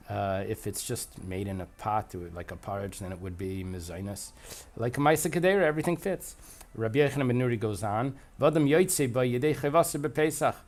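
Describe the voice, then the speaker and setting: A man's voice: on the low side, darkish tone. A man teaching a Talmud passage, reading Aramaic phrases aloud and translating them as he thinks aloud. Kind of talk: explanatory lesson.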